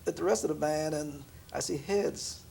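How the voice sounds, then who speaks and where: A man, a jazz pianist being interviewed, telling a story in a relaxed way, laughing often and acting out the voices of the people in it. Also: fairly high pitch, moderate pace, gravelly. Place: room in an apartment.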